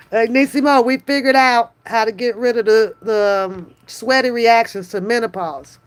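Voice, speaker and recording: A woman hosting a live stream, chatting casually with viewers in a slow, drawn-out way, often brushing things off with a dismissive "mm-mm". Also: fairly high pitch. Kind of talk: casual chat.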